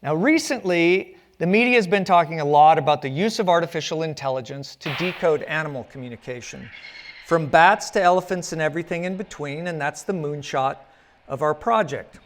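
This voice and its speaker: A man's voice: on the high side, brisk, a little hiss or hum. Playful man giving a lecture. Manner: playful storytelling with jokes. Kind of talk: public lecture. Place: stage at a community arts center.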